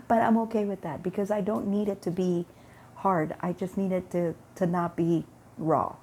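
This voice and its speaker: A woman with a gravelly, dark voice tells a long everyday story in a casual vlog, acting out what each person said. She rambles and repeats herself as she goes, and there is a faint hiss of background noise. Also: lowish voice, fairly even intonation, moderate pace. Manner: rambling, repeats words, acts out dialogue. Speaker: vlogger. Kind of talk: casual storytelling about faith.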